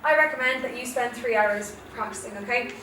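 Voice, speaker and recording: In a classroom, a young Irish woman with a fairly high, brisk, pushed and bright voice revises Spanish with her students, walking through each point and regularly asking "okay?". The audio comes from far away in an echoey room with slight noise.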